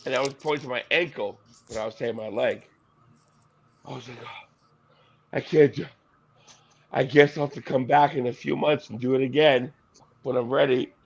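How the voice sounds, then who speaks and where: A man co-hosting a casual show, rambling through jokey stories with a gravelly voice. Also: mid-range voice, fairly even intonation, moderate pace, long pauses. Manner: rambling, jokey storyteller, yelps in mock pain. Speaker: podcast co-host. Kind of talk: joking casual banter.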